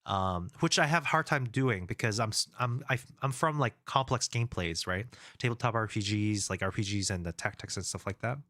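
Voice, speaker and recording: A man's voice: lowish voice, brisk, few pauses, sharp tone, no room sound, studio quality. A man chatting casually on a live stream, rambling with many fillers and restarts while reading viewers' comments aloud. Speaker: game developer streamer.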